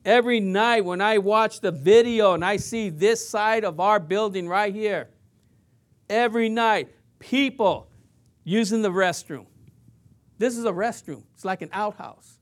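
A pastor preaching with a high-pitched voice. He is impassioned, and his delivery swings from loud appeals to hushed, quiet passages. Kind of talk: sermon.

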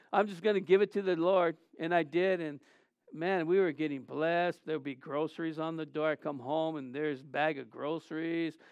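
A middle-aged male pastor preaching a sermon in an animated way, asking the congregation questions and acting out quoted voices. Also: sits high, smooth, no echo. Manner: acts out quoted voices in asides.

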